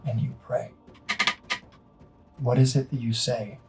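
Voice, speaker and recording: A man narrating as game master of a tabletop game, describing scenes slowly and in detail. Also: mid-range voice, level tone, gravelly, over loud music, rough recording. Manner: slow, descriptive narration with voiced dragons.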